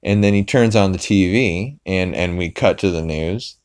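Male podcast host, low voice, rambling recap, lots of ums. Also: normal speed, darkish tone. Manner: rambling, many fillers and restarts. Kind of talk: casual episode recap.

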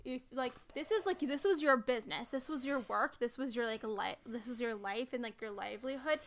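A woman's voice: fairly high pitch, fairly quick. A woman co-hosting a podcast who talks in an earnest, supportive way in casual chat. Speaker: podcast co-host.

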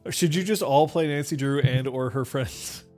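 A man's voice: mid-range voice, normal speed, darkish tone, soft background music. A young man running a tabletop game as game master, chatting casually and laughing at himself with his players.

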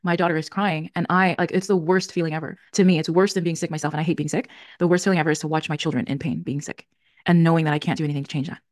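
A woman's voice: low-pitched, steady tone, racing, dry recording, studio quality. A woman in her thirties hosting a solo podcast, speaking in an earnest, reflective way and often correcting herself mid-sentence. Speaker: podcast host. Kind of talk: solo podcast talk on emotions.

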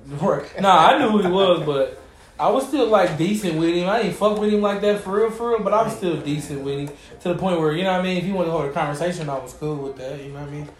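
A man's voice: high-pitched, quick pace, a little hiss or hum. Laid-back young man telling stories, echoey room. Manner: laid-back storytelling, heavy slang. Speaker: podcast host. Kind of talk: casual chat.

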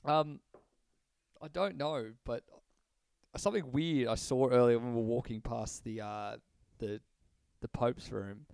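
A man's voice: medium pitch, measured pace, vocal fry, pauses often, darkish tone, clean tone, dry recording. A man co-hosting a comedy podcast, casual and joking, laughing often and swearing. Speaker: podcast co-host.

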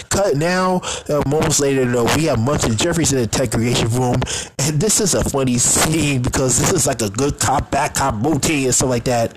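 A man's voice: medium pitch, normal speed, background noise. A man casually recapping a TV episode in a rambling, filler-heavy way, often tacking on "though". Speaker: show recapper.

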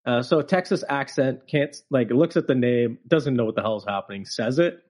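A man with a mid-range voice at normal speed co-hosts a podcast, spinning stories in casual conversation. He's an animated storyteller who acts out quotes and uses lots of fillers.

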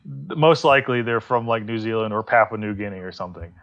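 A man's voice: fairly low pitch, expressive, brisk, a bit bright. Rambling sarcastic man, lo-fi sound. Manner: rambling, sarcastic, swears freely. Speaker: podcast co-host. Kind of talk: casual political chat.

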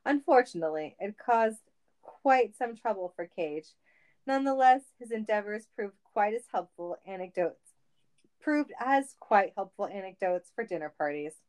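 A woman's voice: mid-range voice, animated, normal speed, darkish tone, rough recording. Playful woman reading a comic story. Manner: playful, laughing.

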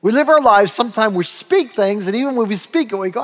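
High-voiced man preaching in a reverberant hall. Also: quick pace, few pauses. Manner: animated preaching with acted-out asides and quoted voices. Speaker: pastor. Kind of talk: sermon.

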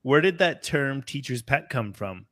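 Animated man, dry close sound. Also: mid-range voice, unhurried, no echo. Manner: animated storyteller, acts out quotes. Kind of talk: casual chat.

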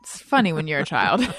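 Woman podcast host, thirties, chatty and quick to laugh, close dry sound. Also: low voice, no room sound. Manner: chatty, reads listener posts aloud, laughs often. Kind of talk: casual chat.

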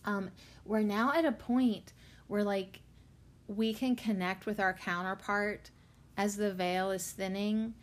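A woman hosting a spiritual podcast, talking candidly and emotionally, with a loose, swearing, chatty manner. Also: mid-range voice. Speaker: podcast host. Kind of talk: casual spiritual chat.

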